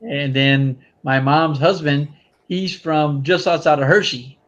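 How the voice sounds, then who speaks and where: A man's voice: fairly high pitch, measured pace, fairly bright tone. A man from South Louisiana with a South Louisiana accent, chatting casually and often repeating himself. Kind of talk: casual chat.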